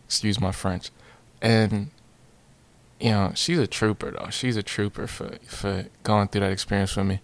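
A young man telling a personal story in a casual, slangy, animated way, repeating phrases. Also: medium pitch, moderate pace, no room sound.

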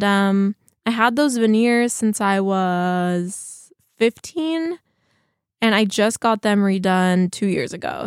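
A chatty woman talks casually to her viewers, rambling through her stories with plenty of "like" fillers. Her voice is mid-pitched and sounds close and dry, with no room around it. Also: clear, resonant tone, no echo. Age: 30s. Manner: chatty, rambling, heavy use of "like". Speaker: vlogger.

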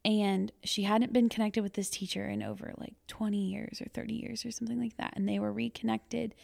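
A woman with a gravelly, creaky edge to her voice, talking in a relaxed podcast chat. She tells stories from her years at a school and slips into the voices of the kids and of her younger self. The tone is conversational and unscripted. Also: mid-range voice, a little fast. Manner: storytelling, acts out children's voices and her own past words. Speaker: guest, former school educator.

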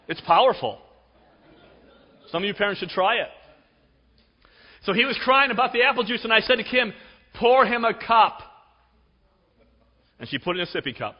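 A middle-aged man preaching a sermon, telling stories with emphasis and dropping to a hush for effect. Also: high voice, big pitch swings, fairly quick, long pauses. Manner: storytelling, emphatic, with dramatic drops to a hush. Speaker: pastor. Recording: dull recording with long hall reverb.

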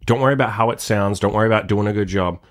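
A man's voice: on the low side, rapid-fire. Brash, profane young male podcast host. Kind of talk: crass casual podcast chat.

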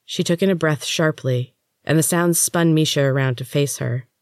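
A woman, the author and host, narrating her book in the first person with steady, measured storytelling. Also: deep voice, no room sound, studio quality.

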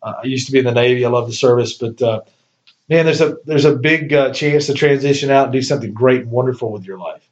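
A man hosting a podcast, talking in an easy, rambling way with bursts of enthusiasm and quick laughs. His voice sits at an ordinary middle pitch, and the recording sounds a little dull and lo-fi. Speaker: podcast host. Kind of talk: casual podcast chat.

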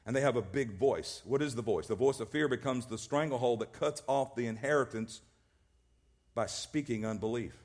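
A man's voice: mid-range voice, moderate pace, a little mellow. A male pastor preaching a sermon, emphatic and repetitive, often restarting his words. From American South.

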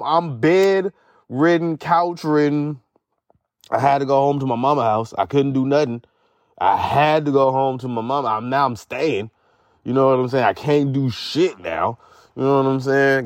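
A man's voice: a little high, no echo. A young man with a slightly raised voice rambles through a casual podcast monologue, swearing freely and checking in with his listeners again and again. He sounds worn down by pain from an injured foot. His voice is dry and close, with no room sound behind it. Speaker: podcast host. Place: sitting outdoors at home.

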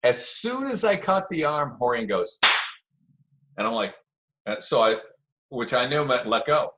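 A middle-aged man telling a story in a relaxed, chatty way, acting out the voices of the people in it. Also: mid-range voice, measured pace, a little hiss or hum. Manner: animated storyteller, acts out quoted voices. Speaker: guest telling stories of early jiu-jitsu. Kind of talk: casual storytelling.

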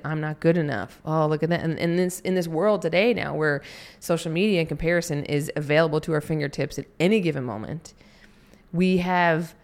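A woman hosting a podcast, giving an earnest, encouraging motivational talk and now and then acting out little quoted scenes. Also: lowish voice. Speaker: podcast host and coach. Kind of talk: motivational monologue.

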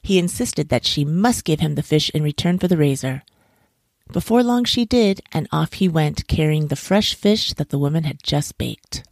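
A woman narrating a children's folk tale in a measured, expressive reading. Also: low voice, vocal fry, no room sound, clean studio sound. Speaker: storyteller. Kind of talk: storybook narration.

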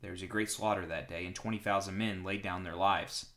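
A man hosting a Bible reading podcast, reading scripture aloud in an earnest way and pausing for reflective asides with gentle fillers. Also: deep voice, fairly even intonation.

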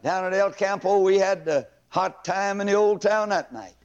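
A man's voice: high-pitched, normal speed, smooth, highs cut off. A man preaching a revival sermon as an evangelist, telling stories with fiery emphasis.

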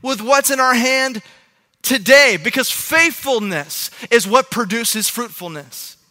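Bright-voiced male pastor in a reverberant hall. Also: extremely high pitch, lively intonation, slow pace. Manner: conversational, frequent "right?" asides to the audience. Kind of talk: sermon.

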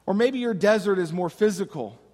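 A male pastor delivers a sermon with a high, lifted voice. He lingers on pauses and rises into impassioned cries. The sound rings out in a reverberant church hall. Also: lively intonation, darkish tone. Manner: preaching with slow dramatic pauses and impassioned cries.

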